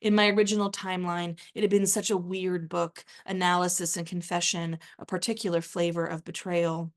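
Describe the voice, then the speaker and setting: Woman author reading her fiction at an event, low gravelly voice, pretty flat and steady. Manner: measured, even first-person reading with a dry aside. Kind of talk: literary reading aloud.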